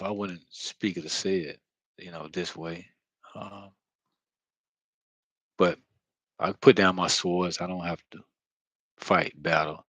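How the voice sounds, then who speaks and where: A man giving a rambling, earnest spiritual monologue, halting with many fillers and heavy sighs, blunt and sometimes swearing. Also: low voice, a bit bright, no room sound, low-quality recording. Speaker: spiritual vlogger.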